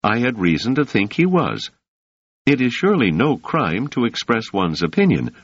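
A man's voice: mid-range voice, big pitch swings, normal speed, breathy edge, dry recording, pitched above the performer's own voice. A man voicing a cool, confident young woman who speaks dryly and firmly, in a slightly muffled recording.

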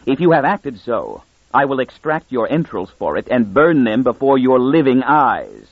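Enraged despot lord, yelling high and wild, as a male narrator puts him on; husky, dull recording. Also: very animated, moderate pace, no room sound. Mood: threatening. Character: furious male warlord lord, ranting.

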